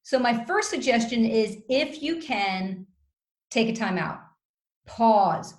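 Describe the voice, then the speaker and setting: A woman working as a communication coach gives advice in an interview, in a measured, instructive way. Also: fairly high pitch. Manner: measured, instructive, acts out calm example phrases. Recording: roomy echo.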